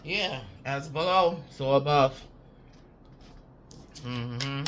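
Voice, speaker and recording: An intuitive reader with a bass voice gives her viewers a casual spiritual reading, drawing out her words over a little hiss or hum. She's emphatic and profane, chuckles often, and keeps repeating "I'm telling you."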